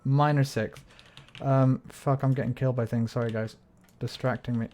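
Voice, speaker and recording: A male streamer with a medium pitch and fairly even intonation chats casually on a livestream at a moderate pace while gaming. He explains music theory, hums melodies, and swears when he gets frustrated.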